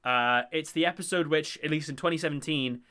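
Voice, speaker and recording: Bright-voiced, enthusiastic young man. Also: on the high side, a little fast. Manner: enthusiastic, rambling with many fillers. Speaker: podcast host. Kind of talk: casual chat.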